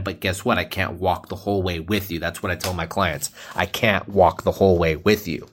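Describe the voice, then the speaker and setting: Deep-voiced rambling male podcast host. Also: fairly even intonation, moderate pace, hardly any pauses. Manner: rambling, filler-heavy, joking. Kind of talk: casual comedy podcast chat.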